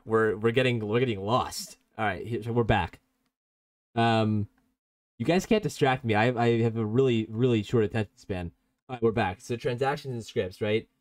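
A man's voice: mid-range voice, no echo, clean studio sound. A man teaching a live online coding workshop in a casual, rambling way, reacting to chat and prone to giggling. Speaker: workshop instructor.

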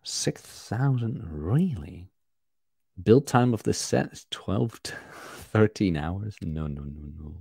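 A man's voice: on the low side, lively intonation, slow pace, vocal fry, darkish tone, breathy edge, no echo, studio quality. A man hosting a casual livestream podcast, rambling as he reads and answers chat comments. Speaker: podcast host.

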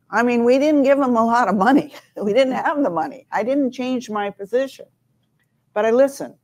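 An older woman speaks in a reflective, earnest manner as a panel guest. She recounts anecdotes at an even pace, with a voice sitting in the middle of the usual range. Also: mid-range voice. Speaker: panel guest, former university president. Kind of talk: reflective storytelling in a panel talk.

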